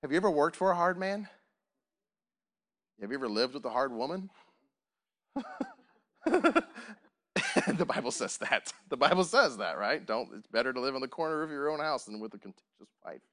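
A pastor delivering a sermon to his congregation, animated and full of rhetorical questions. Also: mid-range voice, brisk.

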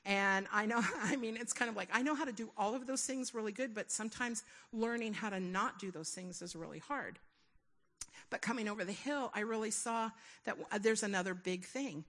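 A woman shares a personal testimony at a church gathering, her story winding and full of restarts. She acts out quoted inner dialogue with animated shifts in voice. Her pitch sits in the middle for a woman. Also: normal speed. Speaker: church member giving a testimony.

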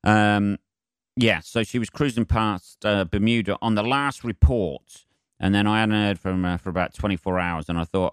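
A young man rambles through a solo podcast, chatty and full of swearing. His voice sits fairly low and comes across smooth and clean. It sounds close and dry, with no room around it. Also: steady tone, moderate pace, no room sound. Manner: sweary, chatty, self-mocking. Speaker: podcast host.

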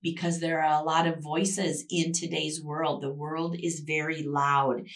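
Woman host, devotional teacher: low, unhurried, emphatic, repeats herself, mic set back. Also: flat delivery, distant mic. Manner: emphatic, repeats key phrases for stress. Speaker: Christian devotional podcast host.

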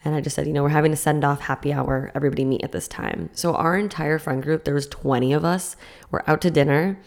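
Young female podcast host, deep with vocal fry, gushing and chatty. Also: quick pace. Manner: gushing, excited, lots of "like" fillers. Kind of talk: casual personal storytelling.

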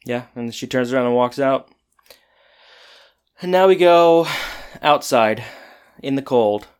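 A man's voice: mid-range voice, animated, a little slow, a little mellow, smooth. A man in casual conversation, retelling a TV episode scene by scene and acting out the characters' lines. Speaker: podcast co-host recapping a TV episode. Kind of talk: casual chat.

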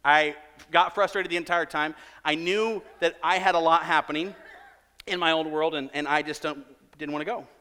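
A man's voice: a little high, fairly even intonation, moderate pace, pushed and bright, clean tone, long reverb tail. A man in his thirties, a pastor preaching a sermon and telling a self-mocking story with acted-out quotes. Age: 30s.

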